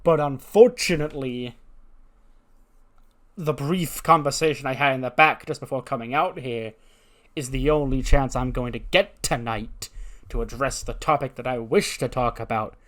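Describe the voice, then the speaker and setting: A man voicing a composed male wrestler who speaks slowly and formally. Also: mid-range voice, a bit bright, lightly acted. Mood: measured. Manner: slow, deliberate, formal speech.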